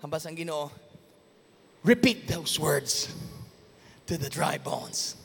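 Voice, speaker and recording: A man's voice: a little high, lively intonation, slow pace, breathy edge. A male pastor with a Filipino accent preaching a sermon, telling stories with animation and switching between languages. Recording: long church hall reverb.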